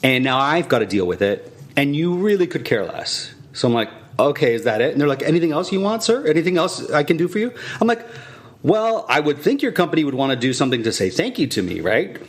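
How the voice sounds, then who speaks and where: A man's voice: on the high side, quick pace. A man co-hosting a podcast, telling a comic story about a customer service chat and acting out both sides of the exchange. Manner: animated, acts out both sides of a conversation. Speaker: podcast co-host.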